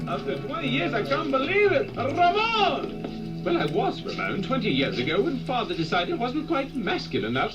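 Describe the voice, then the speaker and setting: A man's voice: extremely high pitch, recorded from a distance, exaggerated voice. An actor playing a flamboyant, theatrical nobleman who talks in a campy, drawling, arch way, from a film soundtrack. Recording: dull film audio with music.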